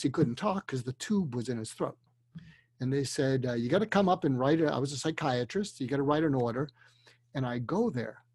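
An older man, a psychiatrist, telling a story earnestly and deliberately, dropping to a hush for emotional moments. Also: medium pitch, slightly rough, dry recording. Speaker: guest, psychiatrist. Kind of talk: storytelling in a conversation. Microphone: video call.

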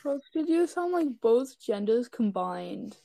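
A woman with a British accent chatting casually on an online voice call, offering playful opinions with hesitant pauses. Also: on the high side, big pitch swings, creaky, background noise. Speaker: friend recording the chat. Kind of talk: casual chat.

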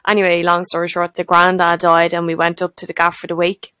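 Young Dublin woman co-hosting a podcast, bright lowish voice, dry close mic, teasing and profane. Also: monotone, fairly quick, clear, resonant tone, no echo. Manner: sweary, teasing, laughing. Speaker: podcast co-host. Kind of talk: casual chat.

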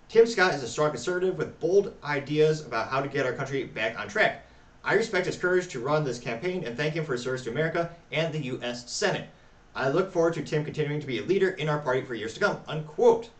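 A man hosting a talk show, reading social media replies aloud with wry, deadpan asides. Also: fairly high pitch, fast talker, roomy sound, distant mic. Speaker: podcast host.

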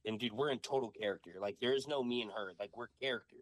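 A young man telling a story in a casual podcast chat, animated and full of swearing. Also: on the low side, fast, few pauses, no room sound. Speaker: podcast host.

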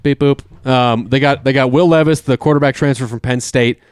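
A man's voice: mid-range voice, fairly even intonation, a little fast, clear, resonant tone, dry recording, studio quality. A man co-hosting a casual sports talk show, eager and tripping over terms as he explains. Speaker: co-host.

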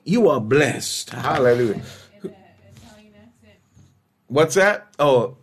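A man leads a morning devotional over a phone live stream. His voice sits a little high. He preaches fervently, repeats hallelujah and calls out viewers by name. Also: moderate pace.

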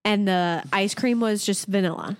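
A woman's voice: mid-range voice, normal speed, clear, resonant tone, dry recording. Bubbly young woman chatting on a podcast. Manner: bubbly, laughs often, gushing. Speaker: podcast co-host. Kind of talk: casual chat.

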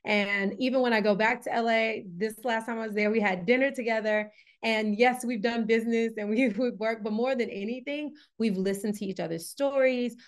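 A woman in her thirties, a wellness coach guest on a podcast, telling personal stories in a candid, animated way, laughing often and acting out the voices of others. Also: fairly high pitch. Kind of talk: candid conversational storytelling.

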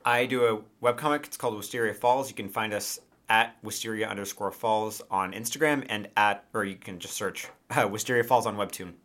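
A man's voice: fairly low pitch, brisk, few pauses, a bit bright. A man narrating a tabletop game as game master, casual and full of fillers.

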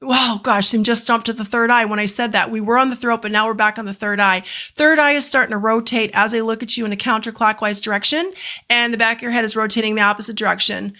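A woman hosting a live stream, reading oracle cards and doing channeled healings, talking fast and effusively with rambling asides and exclamations. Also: a little high, steady tone, sharp tone. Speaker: oracle card reader and energy healer. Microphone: live stream setup.

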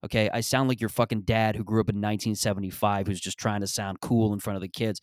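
A man's voice: fairly low pitch, flat delivery, quick pace, hardly any pauses, dry recording. A man hosting a comedy podcast, rambling through a profane, self-deprecating monologue. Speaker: comedian host.

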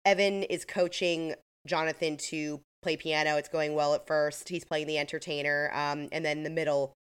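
Woman, podcast co-host, lowish voice, casual recap, rambling and chatty. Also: level tone, normal speed, clear, resonant tone. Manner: chatty, filler-heavy retelling with laughs.

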